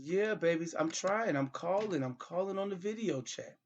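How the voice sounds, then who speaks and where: A man's voice: high-pitched, lively intonation, normal speed, highs cut off, slight background noise. A middle-aged man hosting a comedy show, talking as a father on a call in a pleading, repetitive, exasperated way.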